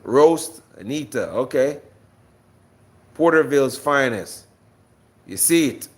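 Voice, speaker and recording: A young man speaking in a thick Jamaican accent on a livestream, loud and boastful. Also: mid-range voice, expressive, slow pace. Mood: swaggering. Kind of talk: casual livestream chat in heavy Jamaican patois.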